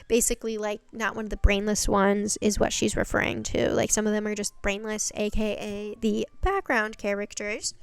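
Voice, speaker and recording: A woman's voice: medium pitch, normal speed, creaky, hardly any pauses, clear, resonant tone, no echo. A woman hosting a video, giving a casual, sarcastic, exasperated recap. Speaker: video essay host.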